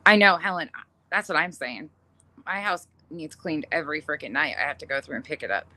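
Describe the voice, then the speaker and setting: A woman's voice: deep voice, expressive, fairly quick, pushed and bright. A middle-aged woman chatting casually on a livestream, reading viewer comments, laughing often and swearing casually. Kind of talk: casual chat.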